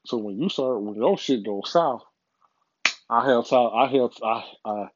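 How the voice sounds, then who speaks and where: A man's voice: medium pitch, unhurried, dull audio. A man giving a casual, rambling motivational monologue, profane and full of repeats.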